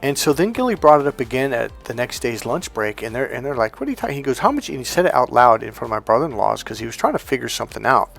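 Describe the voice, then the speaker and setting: A man's voice: mid-range voice, animated, quick pace, creaky, few pauses, a bit bright, faint music behind. A man giving a motivational talk as a relationship and healing coach, speaking emphatically and leaning on stories and rhetorical questions.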